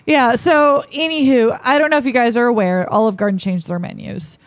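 A woman's voice: a little high, brisk, no echo. A woman co-hosting a casual talk show, chatting and reading online posts aloud with laughing asides. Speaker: co-host.

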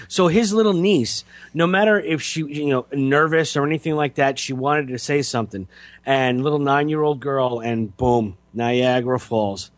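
A man co-hosting a radio talk show, speaking reflectively and haltingly, often repeating words. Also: mid-range voice, dry recording. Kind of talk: casual podcast chat.

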